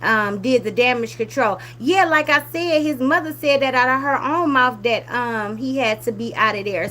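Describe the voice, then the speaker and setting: Bright, scolding woman commentator. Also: on the high side, slight background noise. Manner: animated, scolding, drops to a hushed whisper at times. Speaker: commentary channel host. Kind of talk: casual commentary reading viewer comments.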